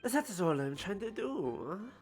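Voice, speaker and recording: A woman's voice: medium pitch, big pitch swings, a little slow, darkish tone, faint music behind. A woman streamer chatting casually and profanely while playing a game, rambling and self-mocking. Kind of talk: casual livestream commentary.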